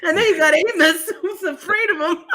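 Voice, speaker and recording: A woman with a high voice tells a rambling story in casual chat. She swears freely, laughs through her lines and drops into a low voice to quote others. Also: bright, forceful tone.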